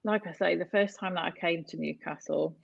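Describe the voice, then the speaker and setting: A woman's voice: lowish voice, brisk, gravelly, breathy edge, no echo. Chatty woman guest on a dull dry mic. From North West England. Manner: chatty, laughs often, animated retelling. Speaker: podcast guest. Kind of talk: casual chat.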